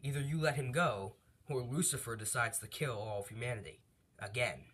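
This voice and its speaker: A man's voice: medium pitch, a little fast, a bit bright, breathy edge. A man doing a stern elder angel brother. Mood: explaining. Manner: firm, lecturing.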